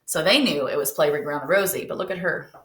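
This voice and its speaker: A woman teacher reading a picture book aloud to her students, gently asking them questions along the way. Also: low-pitched, fast talker. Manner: gentle, asks children questions. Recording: roomy echo.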